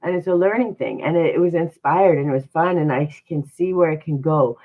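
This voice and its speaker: A motivational livestream host talks in an encouraging, repetitive way, circling back to the same rhetorical questions. The voice sits at a mid pitch. The sound is thin and phone-like. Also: brisk. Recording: tinny phone-like audio.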